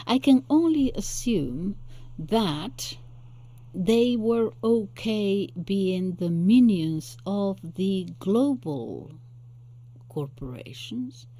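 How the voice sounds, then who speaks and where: Low, slow-speaking woman host. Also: dark tone. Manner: thinks aloud, musing and searching for words. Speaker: channel host. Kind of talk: unscripted solo commentary.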